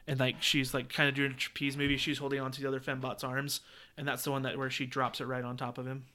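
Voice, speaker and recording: A man co-hosts a podcast, talking at a quick pace in a medium-pitched voice, with a little hiss or hum on the recording. The conversation is casual, animated and jokey, and he acts out movie lines.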